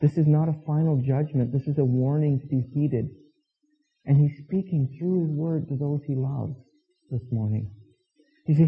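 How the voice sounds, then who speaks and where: A man's voice: a little high, moderate pace, husky. A man preaching a sermon as pastor, telling stories and acting out quoted voices with emphasis. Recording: tinny phone-like sound with long reverb.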